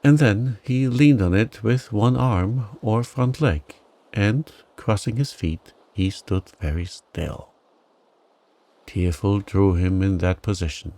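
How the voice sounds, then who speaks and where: A man reading a bedtime story for adults in a calm, gentle, soothing manner. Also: fairly low pitch. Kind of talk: scripted bedtime narration.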